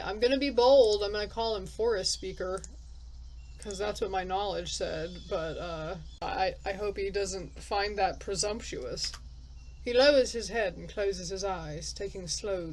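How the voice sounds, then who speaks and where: A woman's voice: medium pitch, unhurried, slight background noise, poor audio. A woman playing a story game, reading its text aloud and thinking aloud in casual, chatty commentary, laughing at herself. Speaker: let's player.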